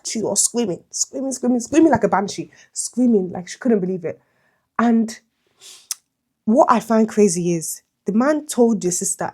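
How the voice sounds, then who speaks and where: A woman's voice: fairly high pitch, normal speed, breathy edge. Young woman vlogger, gossipy storytime delivery, lots of exclamations, talks while doing her makeup. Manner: animated, exclamatory, slangy commentary. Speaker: beauty vlogger. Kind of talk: chatty storytime retelling.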